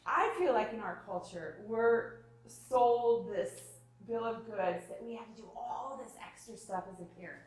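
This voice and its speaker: A woman in her thirties giving a parenting workshop, animated and acting out little scenes of parents and children. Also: mid-range voice, brisk, hardly any pauses. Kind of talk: live workshop talk. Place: room with live audience. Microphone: distant room mic. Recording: echoey room from far off.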